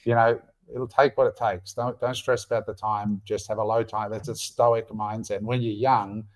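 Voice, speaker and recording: A man's voice: lowish voice, normal speed. A middle-aged man co-hosting a podcast, chatting casually and swearing freely. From Australia. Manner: animated, swears freely, acts out quotes. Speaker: podcast co-host.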